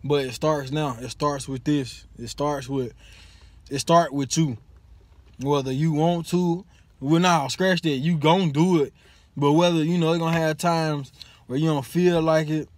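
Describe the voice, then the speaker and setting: A young man, a college student, chatting casually to the camera, slangy and animated, swearing and then saying sorry. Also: fairly high pitch, unhurried, dry recording. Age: young adult.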